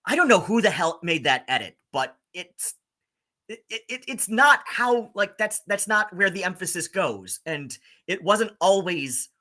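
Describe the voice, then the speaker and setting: A man streaming rambling, sarcastic commentary, halting on constant ums and likes. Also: fairly high pitch, bright, forceful tone. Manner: filler-heavy, halting, with many ums and likes; sarcastic and exasperated.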